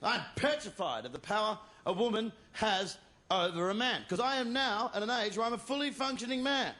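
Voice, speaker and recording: A man's voice: sits high, expressive, fairly quick. An Australian man doing a crude, mocking stand-up routine and teasing the crowd. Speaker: stand-up comedian. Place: comedy venue with live audience. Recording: echoey live venue, loud crowd laughter.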